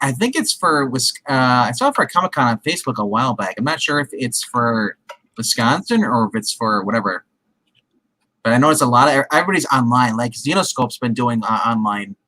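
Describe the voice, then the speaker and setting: Bright sharp-sounding guy, chatty, sarcastic little asides, dry close sound. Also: mid-range voice, dry recording, poor audio. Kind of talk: casual chat.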